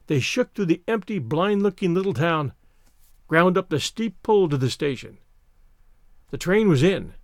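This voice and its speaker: A man's voice: high voice, lively intonation, unhurried, dry recording, studio quality. A man reading a short story aloud as narrator, shifting his voice up for the characters' lines.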